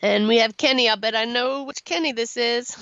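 A middle-aged woman hosting a call-in radio show, encouraging and quick to laugh. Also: on the high side, dry recording, dull audio. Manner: warm-voiced, encouraging, laughs often. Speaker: radio show host and channeler. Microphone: studio microphone.

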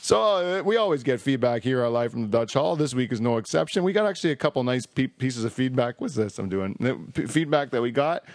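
A man's voice: mid-range voice, expressive, fast, hardly any pauses, darkish tone, no echo. Jokey male podcast host. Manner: jokey, rambling, reads listener feedback aloud. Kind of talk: casual podcast chat.

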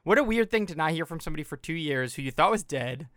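A man's voice: on the high side, lively intonation, quick pace, a bit bright, no echo, studio quality. A man hosting a casual podcast chat, reflecting on what he hears and thinking aloud.

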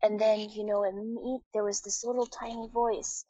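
A woman's voice: mid-range voice, little pitch movement, a little slow, warm tone, dry recording, poor audio. A woman from Taiwan, a guest in a casual interview, telling a personal story with lots of fillers and restarts.

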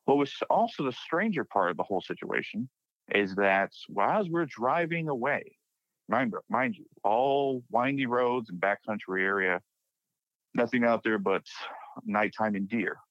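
A young man from Texas, with a somewhat low voice, tells a spooky personal story in a relaxed way, now and then jumping up high to act out his scared friends. The sound is dry and close, with a dull, slightly lo-fi tone. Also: no room sound. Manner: animated retelling, acting out friends' panicked quotes. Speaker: guest sharing a personal paranormal story. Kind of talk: casual spoken storytelling. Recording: dry, dull lo-fi podcast mic.

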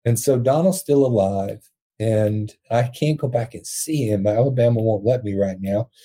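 A man guest telling a heartfelt story, his voice dark and mellow with a husky edge. He speaks earnestly, slips into laughter often, and sits a little low in pitch. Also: moderate pace. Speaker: podcast guest, prison ministry founder. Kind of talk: storytelling in conversation.

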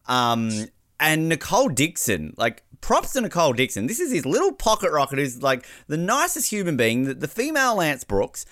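A man co-hosting a casual podcast about a reality show, talking in an animated way and acting out quotes. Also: mid-range voice, dry recording, studio quality. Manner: animated, quick to act out quotes. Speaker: podcast co-host. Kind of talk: casual chat.

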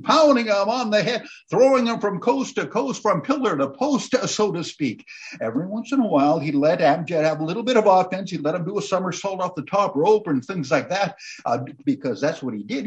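A man telling a lively personal anecdote, building up to excited shouting at its peak. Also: sits high. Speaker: storyteller.

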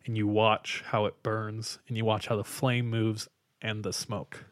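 A man's voice: lowish voice, measured pace, dry recording, clean studio sound. Man telling a ghost story casually. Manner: animated retelling with fillers, hushed for spooky parts. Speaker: podcast co-host telling a story.

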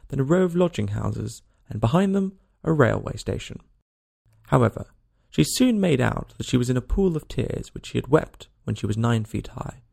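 A man narrating a children's storybook aloud in an expressive, lilting reading style. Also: mid-range voice, vocal fry, slightly rough.

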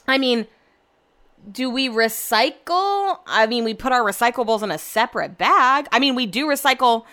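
Young woman vlogger, slightly higher voice, casual and chatty at home, swears freely. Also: moderate pace. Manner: chatty, swears often, animated storytelling. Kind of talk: casual chat to camera. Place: home room.

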